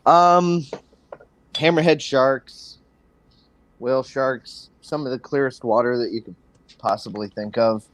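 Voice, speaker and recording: A man's voice: mid-range voice, a little slow, pauses often, slight background noise. A man talking casually as a podcast guest, in a laid-back way with many ums and restarts.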